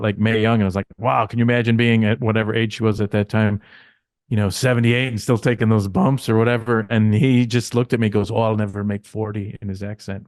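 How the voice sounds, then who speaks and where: A man's voice: mid-range voice, dry recording, studio quality. A man co-hosting a casual podcast, telling backstage stories animatedly, acting out quotes, swearing and laughing often. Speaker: podcast co-host, former insider.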